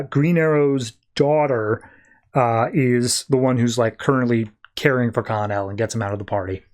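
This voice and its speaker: A male podcast host with a mid-range voice talks through a comic book story in a relaxed, rambling way. He leans on "like" and "uh" as he goes, loose and unscripted. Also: mid-range voice. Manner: loose and rambling, heavy on "like" and "uh" fillers. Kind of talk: casual comic book recap.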